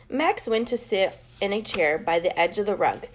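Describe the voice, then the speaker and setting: A woman teacher reading a children's chapter book aloud with expressive, lively storytelling. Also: mid-range voice, normal speed, slight background noise.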